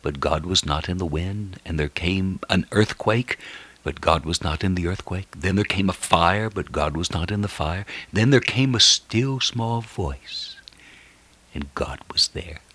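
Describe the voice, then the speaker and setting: A man's voice: low-pitched, measured pace, fairly bright tone, husky. A man preaching a sermon, retelling Bible stories dramatically and dropping to near-whispers between emphatic lines.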